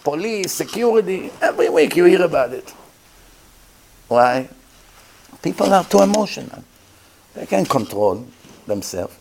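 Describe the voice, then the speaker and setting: Animated rabbi telling a story. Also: male voice, a little high, normal speed, vocal fry, long pauses. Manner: animated storyteller, acts out quoted voices, laughs often. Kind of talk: storytelling lecture.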